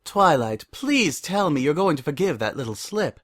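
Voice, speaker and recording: A man's voice: a little high, sing-song, moderate pace, a bit bright, pitched above the performer's own voice. A man doing a posh, prim mare. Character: refined, prim grown-up mare.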